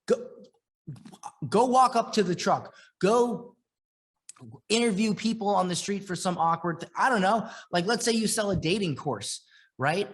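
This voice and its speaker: A man giving a blunt, profane motivational training talk as an online marketing coach, talking in restless bursts with quick restarts. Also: sits high, a bit bright.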